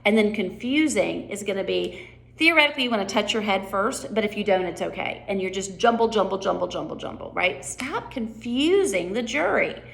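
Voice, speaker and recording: A chatty woman coaching a sign language play rehearsal. She reads each line and then explains it in an instructive way. Her voice has a gravelly fry at a middle pitch. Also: a little fast, fairly bright tone. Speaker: sign language drama teacher.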